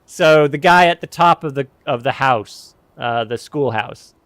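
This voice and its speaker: A man's voice: mid-range voice, a little slow, a bit bright, no echo. A man casually telling a personal story on his podcast, rambling and correcting himself with wry candor.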